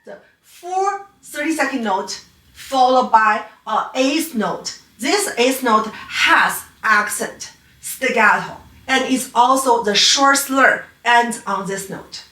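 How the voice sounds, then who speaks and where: Animated, bright, and forceful, this woman's fairly high voice moves at a slow pace as she explains piano technique in an online lecture. She's a patient teacher whose first language is Chinese, with non-native phrasing. The room echoes and she's recorded from a distance, a bit off-mic.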